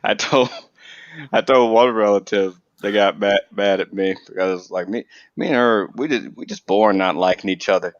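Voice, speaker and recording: A man's voice: on the low side, normal speed, no room sound. A man chatting casually on a podcast, rambling and joking dryly. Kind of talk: casual chat. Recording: dull dry lo-fi recording.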